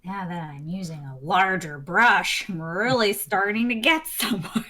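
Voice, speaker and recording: A woman's voice: mid-range voice, unhurried, sharp tone. A woman guest artist chatting casually and laughing while she draws. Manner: laid-back, giggly. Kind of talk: casual chat while drawing.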